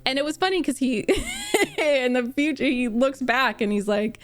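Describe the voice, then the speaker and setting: A young woman streamer chatting casually with live viewers, gushing, animated and laughing often as she answers their comments. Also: high voice, a little slow. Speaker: streamer reacting to a book series.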